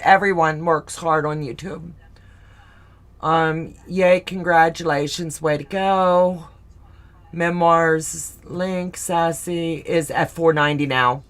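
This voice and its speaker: A woman with a low, deep voice hosts a live stream in casual chat. She talks at an unhurried, slow pace. She is gushing and effusive, reading out viewer comments as they come in. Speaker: host of a live sewing stream.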